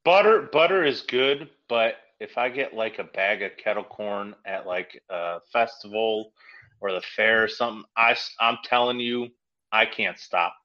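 A man co-hosting a casual talk show, chatty and lively as he tells short stories. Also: lowish voice, measured pace, lo-fi sound. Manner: lively, chatty, storytelling asides. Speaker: podcast co-host. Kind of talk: casual chat.

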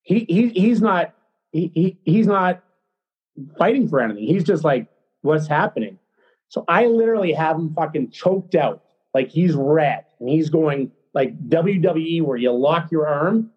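A middle-aged man, a former hockey player, telling a story as a podcast guest in a blunt, excitable, profane way. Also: a little high, measured pace, breathy edge, muffled recording. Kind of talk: casual storytelling.

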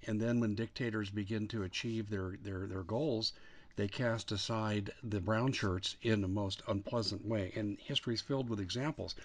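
Deep-ish guy hosting, slow and deliberate, lays out his question carefully. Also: steady tone. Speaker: host. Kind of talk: interview questioning.

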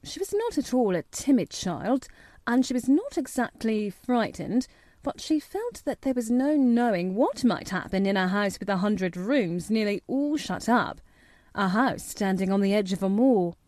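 A woman's voice: mid-range voice, lively intonation, unhurried, darkish tone, no echo. Woman narrating an audiobook, dry. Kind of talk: scripted narration.

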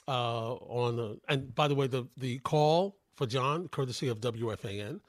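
A man's voice: mid-range voice, unhurried, no echo. Male sports talk host, 60s, chatty and meandering, dead-dry studio mic. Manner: rambling, full of fillers and restarts, admiring. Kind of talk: radio talk show monologue. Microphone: studio microphone.

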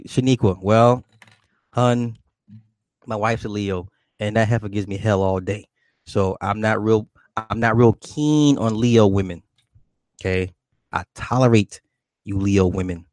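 Guy with a lowish voice riffing with chat on a stream, cussing a lot, dry close sound. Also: no room sound. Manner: loose, profane, rambling, answers chat questions aloud; animated, jumps up in pitch when greeting viewers. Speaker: livestream host reading chat. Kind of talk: casual livestream chat.

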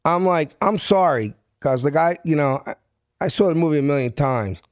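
Animated and fairly high-pitched, a middle-aged man from South Philadelphia talks at normal speed with a Philly accent, recorded clean in a studio with no echo. He tells a story, voicing each person in it with street-smart talk.

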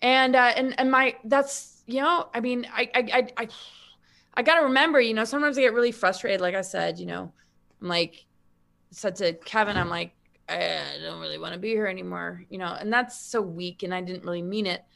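A woman's voice: a little high, a little fast, a bit bright. A woman guest in casual spiritual conversation, rambling with many restarts and filler words.

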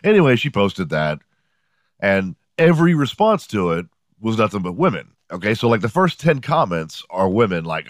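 Middle-aged male podcast host, low voice, dry close sound, sarcastic profane storyteller. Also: very animated, moderate pace, dry recording. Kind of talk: casual comedic monologue. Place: home room.

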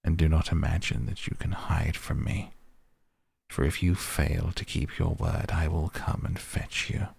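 A man voicing an angry male beast in a bedtime story, speaking slowly, hushed and stern. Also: deep voice, animated, gravelly, husky, full character voice.

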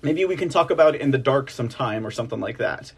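A man hosting a political news show, talking in a rambling, sarcastic way and often calling his audience ladies and gentlemen. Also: medium pitch, lively intonation, quick pace, breathy edge. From United States. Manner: rambling, sarcastic asides, repeats phrases. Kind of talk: casual political commentary.

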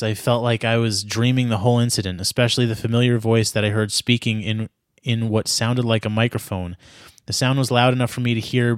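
A man's voice: on the low side, clear, resonant tone, no echo, studio quality. A man reading a melodramatic story aloud in a mock-serious tone, stopping now and then to joke with a co-host. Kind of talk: dramatic reading with banter.

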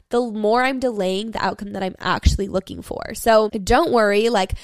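A woman's voice: medium pitch, moderate pace, few pauses, smooth, no echo. Young female podcast host, mid-range voice, dry close mic, candid and profane, full of "like" fillers, pep-talk energy. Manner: frank and swearing, many "like" fillers; pep-talk tone, coaching listeners. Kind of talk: candid solo podcast monologue.

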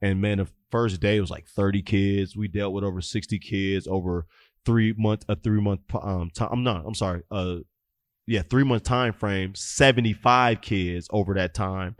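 A man's voice: on the low side, steady tone, normal speed, no echo, clean studio sound. A man in his thirties, a youth football coach and podcast guest, telling stories animatedly and acting out the dialogue. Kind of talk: casual interview storytelling.

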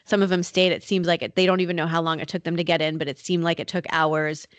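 Woman, low-pitched podcast host; casual true crime narration, filler-heavy, dry close mic. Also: little pitch movement, fast talker, dry recording. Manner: conversational, many "like" and "you know" fillers. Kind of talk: casual storytelling chat. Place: North Carolina.

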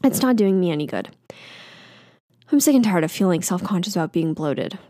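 A woman's voice: fairly low pitch, expressive, fairly quick, mellow, no room sound, studio quality. A woman in her twenties talking into a mic in a candid, self-deprecating monologue that rambles with fillers. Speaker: vlogger. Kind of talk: casual confessional monologue.

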